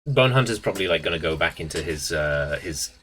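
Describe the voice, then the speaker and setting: A man with a low, bright-edged voice narrates a tabletop game as game master. He rambles loosely, restarting sentences and filling gaps with "uh" and "like." A faint hum of room ambience sits behind him. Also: animated, a little fast, rough recording.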